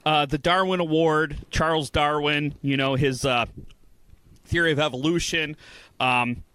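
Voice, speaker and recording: A man's voice: on the high side, fairly even intonation, a little slow, sharp tone, clear, resonant tone. A man co-hosting a casual comedy podcast, ranting in mock indignation during banter with his co-host. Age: adult.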